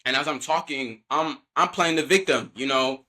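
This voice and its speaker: A man's voice: medium pitch, moderate pace, sharp tone. A young man telling his faith testimony as a podcast guest in an earnest, loose way, full of casual fillers. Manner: earnest, loose, heavy on "you know" fillers.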